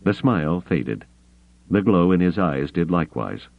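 Very deep-voiced male audiobook narrator. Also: creaky, no echo. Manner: dramatic, expressive reading with measured pauses. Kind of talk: scripted novel narration. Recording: tinny phone-like audio.

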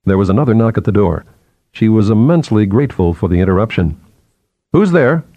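Low-voiced man narrating an audiobook. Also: lively intonation, quick pace, dark tone, dry recording, dull audio.

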